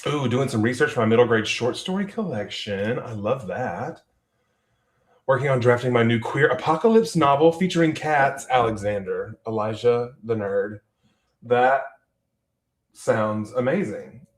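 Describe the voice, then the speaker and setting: A man's voice: mid-range voice, animated, measured pace, roomy sound. A man with a Southern US accent hosting a live writing stream, chatting casually and reading out viewer comments. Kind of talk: casual livestream chat. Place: home room at his desk.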